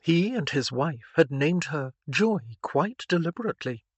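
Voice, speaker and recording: A man's voice: on the high side, lively intonation, normal speed, husky, dry recording, dull audio. Man reading an audiobook, dry and close. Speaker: audiobook narrator. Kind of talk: scripted narration.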